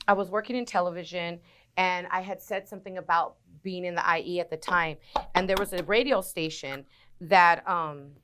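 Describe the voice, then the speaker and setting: Animated woman telling stories in conversation. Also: on the low side, moderate pace, noisy background. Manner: animated storyteller, acts out quotes. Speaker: radio personality, guest. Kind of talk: casual interview chat.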